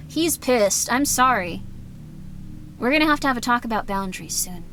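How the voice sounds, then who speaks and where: A woman chatting and reacting while streaming a horror game live, joking along and breaking into sudden loud outbursts. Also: a little high, expressive, moderate pace, a little hiss or hum.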